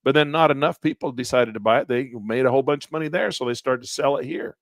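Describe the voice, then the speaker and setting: Casual male trading teacher, voice going hoarse, keeps clearing his throat, mid-range pitch, dry close sound. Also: dry recording. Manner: casual and folksy, acts out traders' thoughts in quick asides. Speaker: trading instructor. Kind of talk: live online class, walking through charts.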